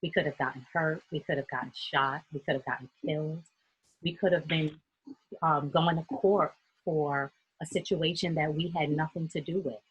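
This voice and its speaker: A woman from New York, a youth mentor, telling a personal story in an earnest, steady way during a group discussion on a video call. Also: low voice, moderate pace, slightly rough, dry recording, lo-fi sound.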